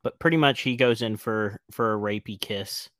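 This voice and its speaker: A man co-hosting a podcast, recapping a show in casual chat and joking with animated storytelling. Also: on the low side, normal speed, dry recording, studio quality. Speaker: podcast co-host.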